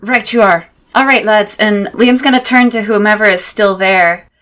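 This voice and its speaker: A woman playing a tabletop game, asking questions and declaring her character's actions in a relaxed way. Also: medium pitch, normal speed. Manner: inquisitive, relaxed. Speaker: player. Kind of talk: casual tabletop play.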